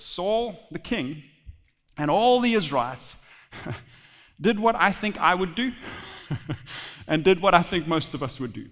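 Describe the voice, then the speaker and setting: A man preaching a sermon in a church, telling the story with animated, joking asides. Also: high voice, unhurried, in a large hall. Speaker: pastor.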